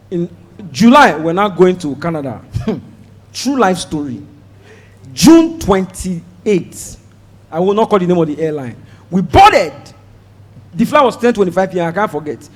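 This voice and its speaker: A Nigerian man doing stand-up, telling a story and acting out the dialogue with sudden loud outbursts. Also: high-pitched, in a large hall. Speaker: stand-up comedian.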